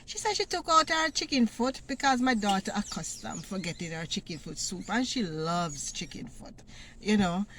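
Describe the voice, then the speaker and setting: A middle-aged woman telling a story in a vlog, animated and often laughing as she talks. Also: medium pitch, normal speed, a little hiss or hum. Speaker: vlogger.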